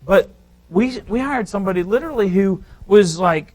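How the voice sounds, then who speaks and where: A man teaching a live real estate seminar, talking straight to the room with animated, emphatic delivery and frequent restarts. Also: high-pitched, moderate pace, poor audio.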